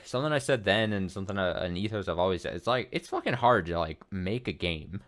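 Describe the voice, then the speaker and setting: A man's voice: low-pitched, expressive, quick pace, a bit bright. A man in his thirties giving rambling, profane let's play commentary full of fillers and restarts. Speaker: streamer.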